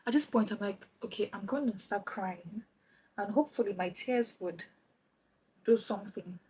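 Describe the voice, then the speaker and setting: A young woman from Nigeria telling a lively travel story while doing her makeup, acting out the other people's lines. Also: medium pitch, a little hiss or hum, poor audio. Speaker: vlogger. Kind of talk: chatty get-ready-with-me story time.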